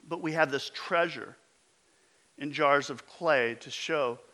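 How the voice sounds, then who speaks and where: A male pastor preaching to his congregation at a deliberate, unhurried pace. His tone is bright and forceful, and he swings between emphatic calls to action and low, intense asides. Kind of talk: sermon.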